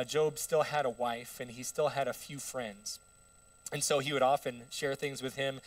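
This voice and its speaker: A man preaching a sermon in an easy, conversational way, asking the congregation questions as he goes. His voice is mid-pitched and picked up by a mic some distance away in a church. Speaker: pastor. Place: church sanctuary.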